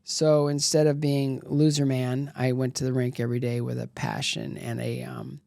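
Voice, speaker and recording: A man's voice: medium pitch, flat delivery, normal speed, vocal fry, darkish tone, dry recording, clean studio sound. A middle-aged man, a former athlete, telling candid, rambling stories as an interview guest and acting out the voices of people he quotes. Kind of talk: casual storytelling interview.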